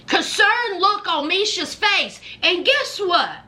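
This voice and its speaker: A woman vlogger recaps a reality show at home in a very high, lively voice. She sounds sassy and animated but takes her time, drawing words out. Her tone is bright and forward. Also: slow. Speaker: reaction vlogger. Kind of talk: casual reality-show commentary.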